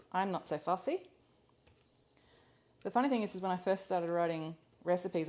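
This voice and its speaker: A woman with a slightly low voice runs a live cooking class from her home kitchen. She chats casually while she cooks, thinking aloud and laughing easily. The sound is low-quality livestream audio. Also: a little mellow.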